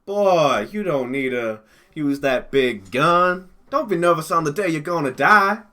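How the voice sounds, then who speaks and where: A cocky gunslinger gambler who taunts a nervous enemy with swagger, as a man puts him on. His bright, forceful voice pushes up higher and louder. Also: big pitch swings, fairly quick. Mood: taunting. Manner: swaggering, mocking.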